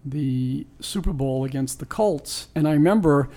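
A man's voice: a little high, a little slow, dark tone. A man in his sixties from New York, a sports team owner, tells a personal story in an interview. He is reflective and earnest and often restarts his sentences. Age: 60s.

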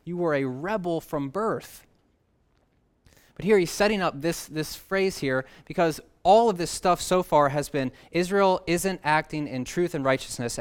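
A man's voice: a little high, clean tone. A young man preaching a sermon in a conversational way, reading scripture aloud with emphasis. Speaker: pastor.

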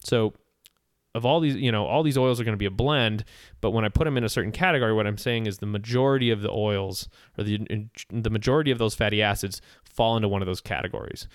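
Smooth-voiced man explaining casually. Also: fairly low pitch, fast, few pauses, no echo, clean studio sound. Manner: relaxed, steady explainer with fillers. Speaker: host explaining nutrition. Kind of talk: casual explanatory podcast chat.

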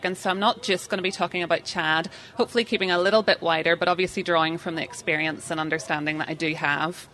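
A woman's voice: medium pitch, bright, forceful tone. A woman giving an interactive live seminar talk, chatty and self-deprecating, putting questions to the audience. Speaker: seminar speaker.

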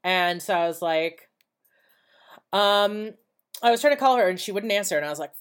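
A woman's voice: lowish voice, moderate pace. Blunt, swearing woman telling a story. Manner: blunt and profane, reenacting dialogue. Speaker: podcast co-host. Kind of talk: casual conversational storytelling.

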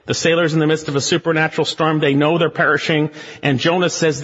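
Man preaching emphatically with rhetorical questions; raised, husky voice; muffled sanctuary recording. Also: on the high side, a little fast, a bit bright, long reverb tail. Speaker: pastor. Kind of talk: expository sermon.

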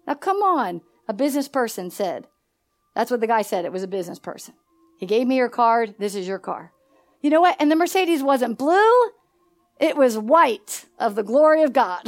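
A woman pastor preaching a sermon at a conference, asking the congregation to finish her sentences and telling personal stories. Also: fairly high pitch. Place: church hall.

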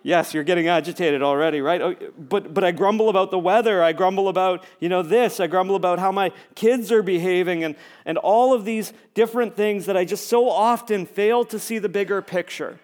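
A man preaching a sermon as a pastor, talking conversationally, building to emphatic repeated lines and dropping to hushed near-whispers. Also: sits high, fairly quick, few pauses.

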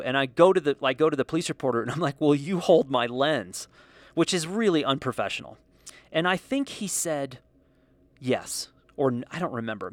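A man's voice: mid-range voice, a bit bright, no room sound, clean studio sound. A middle-aged man telling a casual, rambling, self-mocking story about his days as a photographer.

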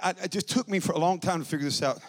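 High-voiced preacher man. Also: very fast. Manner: joking and conversational, building to shouted preaching. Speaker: pastor. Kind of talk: Pentecostal sermon.

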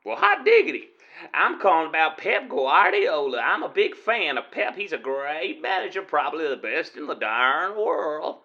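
A man's voice: fairly high pitch, very animated, moderate pace, bright, forceful tone, highs cut off, full character voice. A man voicing a pushy male caller who talks in an exaggerated folksy cowboy drawl.

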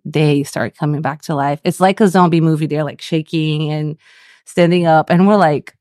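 A young woman from Brazil, a native Portuguese speaker, telling a family story in a casual interview, animated and quick to laugh. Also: deep voice, dry recording, clean studio sound. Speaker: Portuguese school director.

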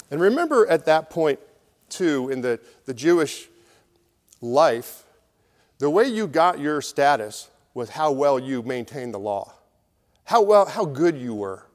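A man's voice: fairly high pitch, sing-song, unhurried. Man preaching a conversational sermon. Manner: conversational, storytelling preaching with acted crowd voices. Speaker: pastor. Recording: long hall reverb.

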